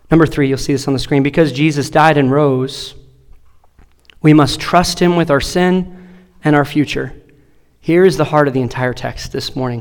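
Male pastor, 30s, strained voice, fervent preaching, high-pitched, long reverb of a large sanctuary. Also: normal speed. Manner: impassioned preaching with repeated rhetorical questions. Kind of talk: sermon.

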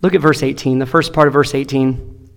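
A man's voice: mid-range voice, steady tone, fairly quick, vocal fry, clean tone, long reverb tail. A man in his thirties preaching an Easter sermon with impassioned rhetorical questions, his voice strained. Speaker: pastor. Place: large church sanctuary.

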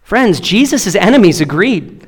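A man's voice: high-pitched, big pitch swings, measured pace, breathy edge, long reverb tail. A man in his thirties preaching an Easter sermon with impassioned rhetorical questions, his voice strained. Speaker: pastor. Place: large church sanctuary.

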